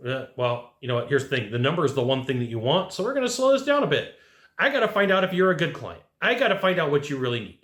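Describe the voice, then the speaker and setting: A man giving an energetic sales training talk, punchy and animated, acting out little exchanges with customers. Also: fairly high pitch. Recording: echoey room.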